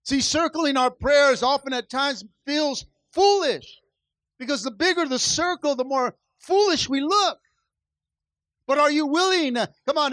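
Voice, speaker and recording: A man's voice: very high-pitched, fairly bright tone, dry recording. A male pastor preaching a sermon, calling out to the congregation and dramatically acting out biblical characters as he tells their stories. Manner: call-and-response exhortation.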